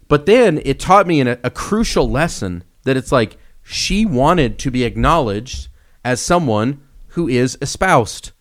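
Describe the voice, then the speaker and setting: A young man co-hosting a casual podcast, telling stories with lively swings and acting out the voices in them. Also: medium pitch. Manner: animated storyteller, acts out quoted voices. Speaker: podcast co-host.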